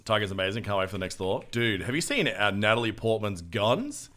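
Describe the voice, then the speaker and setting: Aussie guy streaming a game, kinda low voice, chill and jokey, swears a lot. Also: very animated, a little fast, pushed and bright. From Australia. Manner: laid-back, swears casually, joking. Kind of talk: casual gameplay chat.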